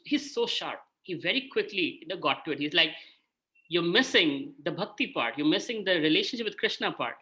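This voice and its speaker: A man's voice: sits high, pushed and bright. A man gives an informal scripture talk as a spiritual mentor, chatting and often checking in with "right?". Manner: conversational, frequent "right?" check-ins.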